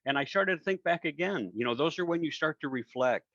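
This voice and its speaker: A man's voice: a little high, animated, brisk, a bit bright, no echo. Older male guest, conversational storyteller, muffled dry sound. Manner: conversational, acts out quoted dialogue, many fillers. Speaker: guest speaker. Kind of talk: storytelling interview answers. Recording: dull dry audio.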